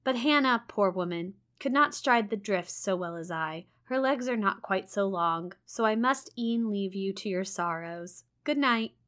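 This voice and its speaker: A woman's voice: medium pitch, lively intonation, fairly bright tone, clear, resonant tone. A woman reading a stern, reserved young clergyman. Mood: cool. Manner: measured, formal old-fashioned speech. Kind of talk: reading a classic novel aloud.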